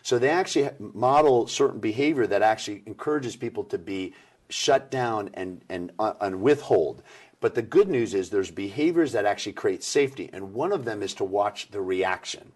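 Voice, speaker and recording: A middle-aged man giving energetic interview answers about workplace communication, acting out the people he quotes. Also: on the low side, moderate pace. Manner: animated, acts out quoted people.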